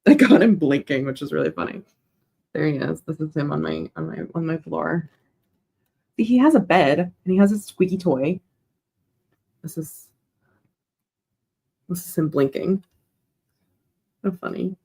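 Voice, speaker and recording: A woman's voice: sits low, lively intonation, a little slow, creaky, long pauses, darkish tone, husky. A young woman hosting a casual co-working stream. She rambles between chat messages and coos at her dog. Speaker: writing livestream host.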